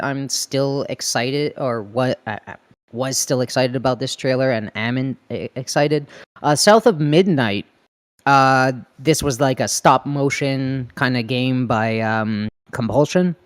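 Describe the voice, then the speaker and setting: A man from Canada hosting a casual gaming podcast, upbeat, laughing often and firing off quick questions. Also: fairly high pitch, smooth. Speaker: podcast host.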